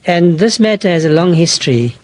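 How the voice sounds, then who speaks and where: A man from South Africa, an official, giving a slow, measured statement with some fillers. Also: on the high side, animated, a little mellow, no echo.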